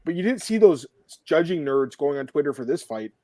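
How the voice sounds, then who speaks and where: A man's voice: on the high side, lively intonation, fairly quick, dark tone, no room sound. A man hosting a podcast in casual, joking, rambling chat. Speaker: podcast host.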